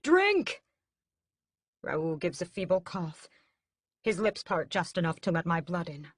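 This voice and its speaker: A woman narrating a dramatic first-person audiobook in a steady storytelling manner. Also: on the low side, moderate pace, no echo, clean studio sound.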